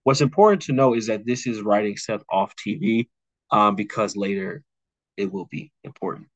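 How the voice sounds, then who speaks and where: Young guy, lowish voice, dry close mic, rambly wrestling chat full of ums and likes. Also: no echo, muffled recording. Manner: rambling recap with many "um"s and "like"s; mimics wrestlers' lines in quick asides. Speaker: podcast co-host. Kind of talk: casual chat, pitching a storyline rewrite.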